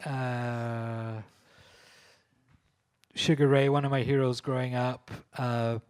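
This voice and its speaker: This Scottish man, a photographer with a Scottish accent, speaks slowly in a medium-pitched, fairly flat voice that's clean and a little mellow. Telling eager stories at a live panel event, he laughs often and keeps restarting with fillers.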